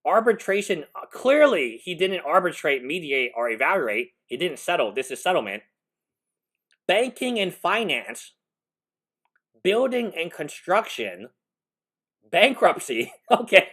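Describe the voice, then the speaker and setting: Man, lawyer, live reaction commentary, incredulous, rambling, swinging pitch. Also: very animated, measured pace, pauses often, fairly bright tone. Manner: incredulous, laughing, rambling with restarts.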